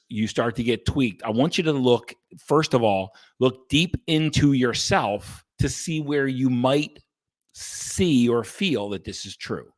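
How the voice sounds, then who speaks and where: A man's voice: on the low side, no room sound. Blunt, emphatic male podcast host. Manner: blunt and emphatic, with frequent swearing and restarts. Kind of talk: casual monologue to listeners.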